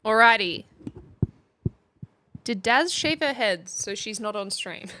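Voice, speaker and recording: A woman's voice: fairly high pitch, expressive, slow pace, long pauses, bright, forceful tone, slight background noise. A woman streaming as a playful mock substitute teacher, chatting casually and reading out viewers' names.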